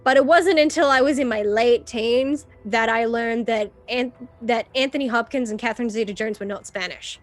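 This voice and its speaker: A woman's voice: a little high, normal speed, few pauses, faint music behind. A woman hosting a casual chat, talking expressively and acting out her own reactions. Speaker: host.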